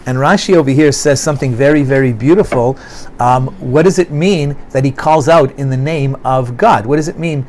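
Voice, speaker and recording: Animated rabbi teaching a class. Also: male voice, medium pitch, normal speed, a little hiss or hum. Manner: animated, asks students questions, repeats key phrases. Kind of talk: classroom Torah lesson.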